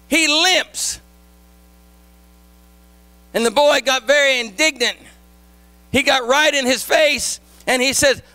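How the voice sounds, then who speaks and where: Man, pastor, sermon, very high voice, bright, storytelling turning into shouted preaching. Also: no echo.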